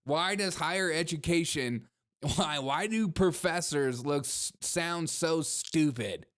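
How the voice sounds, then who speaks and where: A man's voice: on the high side, takes it slowly, a bit bright. A young man hosting a show, reacting to news clips with sarcastic commentary and mocking impressions. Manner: sarcastic, mimics speakers in mocking voices. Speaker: show host.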